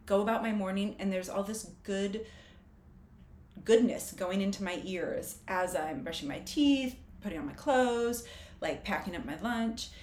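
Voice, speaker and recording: A woman's voice: medium pitch, darkish tone, echoey room. A woman talking candidly and reflectively in casual conversation, laughing easily as she shares personal coping tools.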